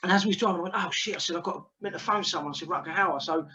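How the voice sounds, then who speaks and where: A man with a London accent, a filmmaker guest telling quick, animated anecdotes. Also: high voice, slight background noise, low-quality recording. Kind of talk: casual chat.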